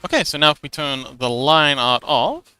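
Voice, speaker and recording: A man's voice: on the high side, expressive, normal speed, sharp tone, smooth, no echo, faint music behind. A man livestreaming as an artist, chatting casually while he draws, rambling and self-deprecating, laughing often and muttering to himself as he works.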